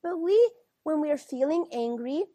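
High-voiced woman teacher reading to kids. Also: lively intonation, normal speed, no echo. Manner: gentle, questioning, keeps checking in with the kids. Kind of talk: reading a picture book aloud to children.

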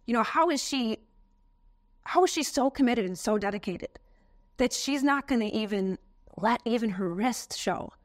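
A woman's voice: fairly high pitch, animated, normal speed. An American woman in an interview, telling a personal story in an earnest, emotional way. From United States. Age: adult, has a daughter.

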